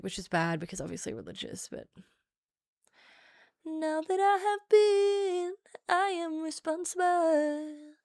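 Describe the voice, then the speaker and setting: A woman's voice: mid-range voice, no room sound, studio quality. A young woman streaming, chatting casually in a playful, self-mocking way. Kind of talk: casual live-stream chat.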